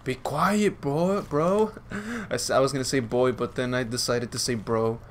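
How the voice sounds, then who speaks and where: A man giving playful, teasing commentary over his own gameplay, laughing often and breaking into excited yells. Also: mid-range voice, normal speed, a little hiss or hum.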